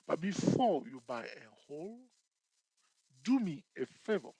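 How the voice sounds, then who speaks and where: A man on the high side, very animated but slow, with a mellow, husky voice, tutors listeners in chart trading through a screen share. He's repetitive, keeps checking in with "okay?" and "all right?", and jokes and laughs at himself.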